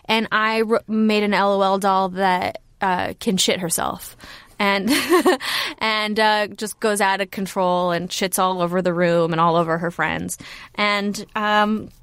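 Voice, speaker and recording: A woman's voice: mid-range voice, steady tone, a little slow, fairly bright tone, clear, resonant tone, dry recording. A woman comedy writer on a podcast, chatting loosely with plenty of laughs and fillers. Her voice sits mid-range for a woman. The booth is dry and close. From born in Uzbekistan, raised in the US. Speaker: comedy writer and voice actor guest. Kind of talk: casual podcast chat. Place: recording booth.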